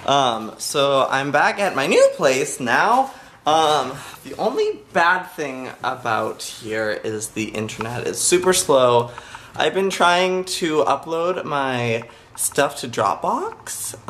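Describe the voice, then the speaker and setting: A man's voice: very animated, slow pace, a bit bright, slight background noise. A young man in casual vlog chat, chatty and jokey, with lots of fillers. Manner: chatty, filler-heavy, jokey, squeals into falsetto bits. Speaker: vlogger. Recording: music bed under the voice.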